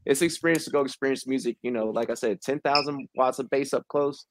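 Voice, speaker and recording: A man's voice: medium pitch, quick pace, background noise. A man hosting a casual podcast chat who laughs often and repeats words while searching for them. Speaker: podcast host.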